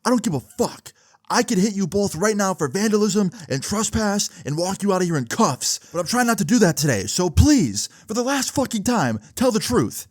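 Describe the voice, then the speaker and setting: A man's voice: a little high, animated, moderate pace, dry recording, studio quality, lightly acted. A man voicing a fed-up older male cop who is stern, exasperated and swearing.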